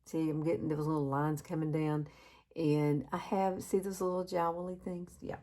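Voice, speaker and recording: A woman's voice: low-pitched, level tone, normal speed, dark tone. A Southern woman from Alabama in her fifties, chatting casually through a makeup tutorial and laughing at herself often. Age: 50s. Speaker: beauty vlogger.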